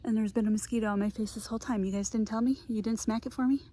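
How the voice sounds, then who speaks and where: A woman's voice: a little high, fairly even intonation, rapid-fire, mellow. A young woman chatting to her handheld camera outdoors in humid woods, giggly and self-deprecating, out of breath. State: out of breath and sweaty. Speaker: foraging vlogger. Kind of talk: casual vlog talk to camera.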